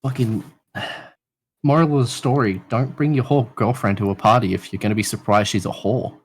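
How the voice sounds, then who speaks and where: A man with an Australian accent, a podcast guest telling a crude story in a casual, lively way and swearing often. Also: lowish voice, moderate pace, a little hiss or hum.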